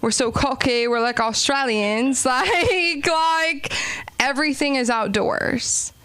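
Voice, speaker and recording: A woman's voice: high-pitched, takes it slowly, a bit bright, clear, resonant tone, no room sound. A young woman from Los Angeles hosting an open mic, doing rambling, self-deprecating stand-up between acts. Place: small comedy club stage.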